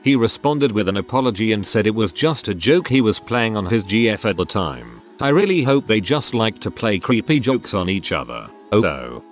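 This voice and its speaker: A man narrating online stories in a scripted, steady reading style, with occasional odd mispronunciations. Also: on the low side, normal speed, hardly any pauses, soft background music. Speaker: narrator reading Reddit posts.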